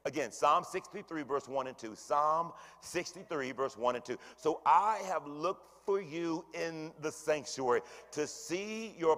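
A man preaches a sermon in a church sanctuary, his voice sitting a little high for a man. He swings from near-whispers to loud, emphatic peaks and breaks off into chatty asides to the congregation. A long reverb trails every phrase. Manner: dramatic swings between hushed and loud. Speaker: pastor.

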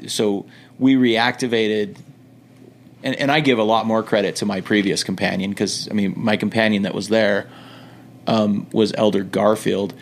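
A middle-aged man with a low, gravelly voice tells loose, joking stories as a podcast guest. He restarts his sentences often and keeps a relaxed, class-clown manner. A faint hiss of noise sits behind him. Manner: laid-back, jokey, quick restarts. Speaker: podcast guest, returned missionary. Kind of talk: casual storytelling.

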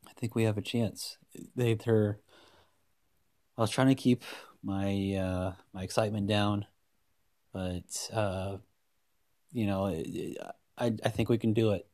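A man hosts a solo sports podcast in a mellow, low voice. He rambles and gets excited, often restarting his sentences. The sound is close and dry. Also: a little slow, long pauses, no echo. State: hiccups. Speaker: podcast host.

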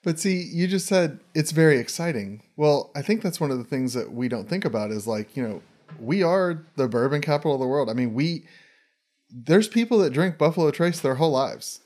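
A man in casual conversation, talking quickly and with enthusiasm. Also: on the high side, animated, darkish tone.

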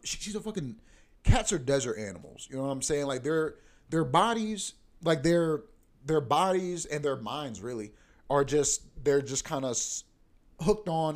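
A man's voice: a little high, expressive, moderate pace. A young man hosting a podcast in a casual, profane, ranting monologue that keeps coming back to "bro.". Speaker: podcast host.

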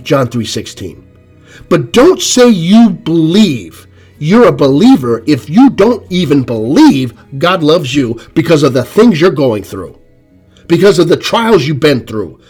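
A man preaching a sermon, emphatic and repetitive, swinging from loud rises to soft drops. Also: a little high, husky.

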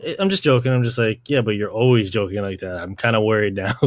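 A man's voice: fairly low pitch, quick pace, no room sound. A young man hosting a podcast, talking in a rambling, slangy way, swearing and saying "like" constantly. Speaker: podcast host. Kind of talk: casual podcast chat.

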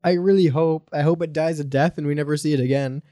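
A man hosting a podcast in casual chat, animated and joking, telling rambling stories. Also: on the high side, quick pace, no room sound, clean studio sound. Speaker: podcast host.

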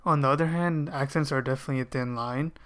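A man in casual podcast talk, explaining points in a measured way. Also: medium pitch, fairly bright tone. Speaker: podcast co-host. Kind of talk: casual chat.

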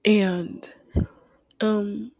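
Tearful young woman, slow and soft. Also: mid-range voice, level tone, creaky, no room sound, clean studio sound. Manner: tearful, halting, many fillers, often drops to a whisper. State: crying. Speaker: podcast host. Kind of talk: personal confessional monologue.

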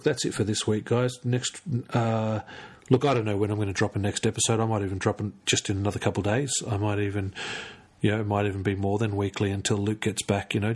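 A man's voice: on the low side, darkish tone. A man hosting a solo podcast late at night, tired and rambling, stumbling over words and using many fillers. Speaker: podcast host. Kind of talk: solo casual podcast chat.

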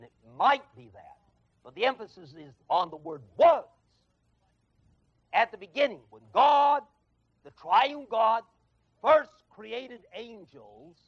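A man's voice: extremely high pitch, gravelly. A man giving an emphatic Bible lecture to an evening class, repeating and stressing key phrases and chuckling at his own stories. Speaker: Bible teacher. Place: evening adult education class at a college. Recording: dull, lo-fi 1970s tape of a dry classroom.

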